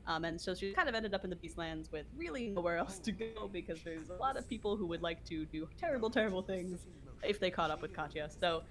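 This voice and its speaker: A woman with a fairly low voice chats at a fast clip about a tabletop game. She is chatty and laughs often, talking into a desk mic. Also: animated. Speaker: podcast editor and player.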